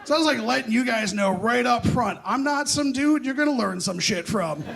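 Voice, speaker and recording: A man's voice: very high-pitched, expressive, moderate pace, creaky, a crowd in the background. A young man doing a self-deprecating, punchy stand-up set on a club stage into a handheld mic, with the audience laughing. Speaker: stand-up comedian.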